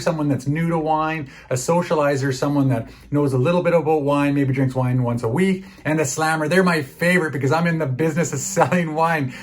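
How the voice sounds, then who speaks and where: Upbeat man guiding a wine tasting. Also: on the high side. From Canada. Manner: upbeat, salesy, chatty. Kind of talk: presenting a virtual wine tasting.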